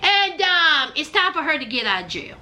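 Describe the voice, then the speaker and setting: A woman's voice: sits high, sing-song, moderate pace, pushed and bright. A woman giving sassy, dramatic, scolding commentary on a reality show in a vlog.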